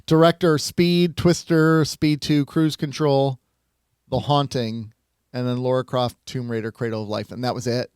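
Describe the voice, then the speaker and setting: A man's voice: mid-range voice, level tone, darkish tone, clean tone, no room sound, clean studio sound. A man co-hosting a casual podcast chat, joking, laughing often and reeling off lists. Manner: laughs often, jokey, lists things off quickly. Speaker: podcast co-host.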